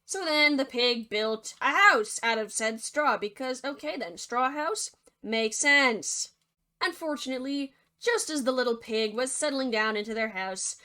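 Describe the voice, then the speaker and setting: A woman's voice: a little high, bright, forceful tone. A young woman telling a fairy tale as a comedy, sarcastic and casual, with many asides. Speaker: video creator and narrator. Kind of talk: comedic storytelling narration.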